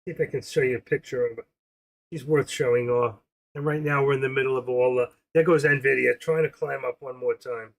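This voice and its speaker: A man's voice: medium pitch, steady tone, fairly quick, gravelly. An older man hosting a trading livestream, chatting in a casual, rambling, jokey way.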